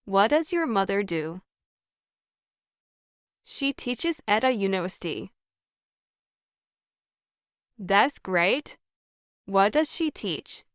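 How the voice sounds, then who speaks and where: A woman reading a scripted practice conversation in a slow, evenly paced, carefully articulated way. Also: a little high, smooth, no room sound. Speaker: English practice dialogue voice.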